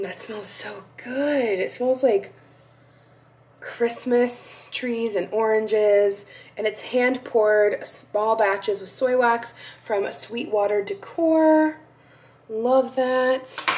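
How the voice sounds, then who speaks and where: A young woman vlogging casually at home, gushing and excitable, sometimes dropping to a soft voice. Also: fairly high pitch. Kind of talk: casual vlog chat. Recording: faint background noise.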